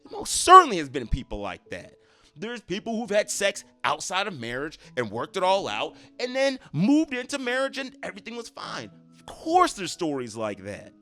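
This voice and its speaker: A man's voice: high-pitched, huge pitch swings, normal speed, sharp tone, faint music behind. A man giving earnest, emphatic relationship advice straight to camera, repeating himself for stress. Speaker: relationship coach. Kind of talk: motivational talk to camera.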